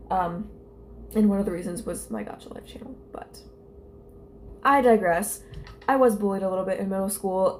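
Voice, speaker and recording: A woman's voice: mid-range voice, a little mellow, a little hiss or hum. Candid young woman rambling through a story. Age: young adult. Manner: rambling, full of "like" fillers; candid and self-mocking. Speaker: vlogger. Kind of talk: casual storytelling, reading her old journal aloud.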